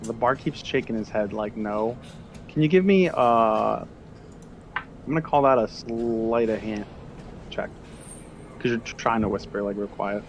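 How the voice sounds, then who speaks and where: A man narrating and running an online tabletop game as game master, relaxed and profane, often restarting his sentences. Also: mid-range voice, moderate pace, pauses often, a little hiss or hum.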